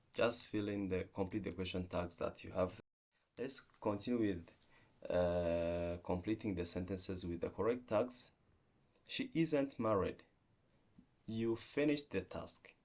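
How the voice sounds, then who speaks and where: In a lowish, darkish voice, a man leads an online English grammar lesson. He goes slowly, taking each example sentence in turn, restarting at times and using non-native phrasing.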